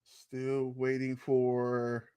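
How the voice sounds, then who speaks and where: A man hosting a casual sports watch-along livestream, talking in a laid-back, halting way with many fillers. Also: mid-range voice, monotone, mellow, smooth, no room sound. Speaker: livestream host.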